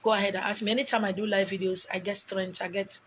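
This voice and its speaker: A woman's voice: mid-range voice, flat delivery, quick pace, a little hiss or hum. A middle-aged Nigerian woman with a Nigerian accent, talking emotionally and a little preachily as she rambles on her own live video, recorded on a phone. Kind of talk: casual motivational live stream.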